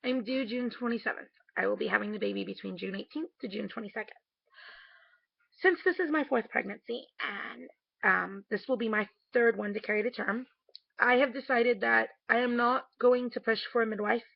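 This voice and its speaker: A woman speaks straight into her camera at home late at night in a candid, emotional way, with the odd casual swear. Her voice is fairly high, gravelly and husky. It is close and dry but dull and lo-fi. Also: normal speed, no echo. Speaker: vlogger. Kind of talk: casual video diary.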